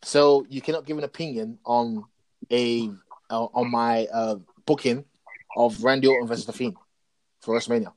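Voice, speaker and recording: A man talking casually about wrestling as a podcast co-host, telling stories in an animated, excitable way. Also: mid-range voice, moderate pace, no echo, low-quality recording.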